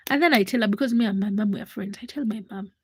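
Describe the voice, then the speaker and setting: A woman in her twenties, hosting a livestream and telling a personal story in a casual, animated way, acting out the voices of the people in it. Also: medium pitch, quick pace, slightly rough, no room sound. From Uganda. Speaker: livestream host.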